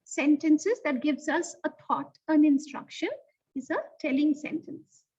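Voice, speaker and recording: Teaching little kids online, this woman uses a lively, sing-song delivery in a high voice, drawing out the important words. Her audio comes across distant and dull, like a lo-fi recording.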